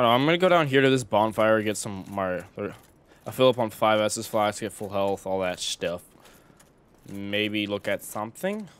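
Rambling, swearing gamer guy. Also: lowish voice. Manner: rambling, profane, talks to himself. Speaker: gameplay streamer. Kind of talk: casual let's-play commentary.

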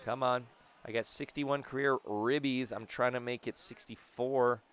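A young man giving excited commentary on his own gameplay, talking to himself, his throat a little raspy. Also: medium pitch, normal speed. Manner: hyped, talks to himself and the game. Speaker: gaming video host.

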